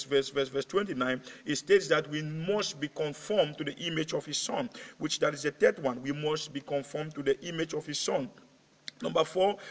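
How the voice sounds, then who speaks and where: A male pastor preaching a sermon, rallying his congregation with repeated calls and scripture readings. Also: a little high. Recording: long hall reverb.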